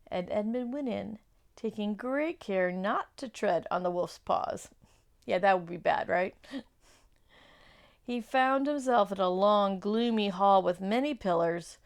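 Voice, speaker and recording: A woman from a church children's ministry reading a chapter book aloud to children, pausing for chatty questions and asides. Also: medium pitch.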